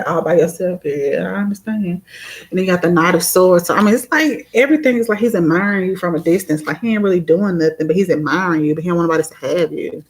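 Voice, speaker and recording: A woman's voice: lowish voice, quick pace, low-quality recording. A woman giving a casual, chatty live tarot reading, giggling and filling her talk with "you know" and "like" while nursing a sore throat. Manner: chatty, giggly, lots of fillers. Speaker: tarot reader.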